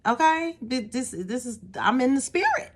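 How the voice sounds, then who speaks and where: A woman's voice: sits high, expressive, normal speed. A woman telling a personal story to her viewers in a casual, exasperated way. She often repeats words and checks in with "okay?".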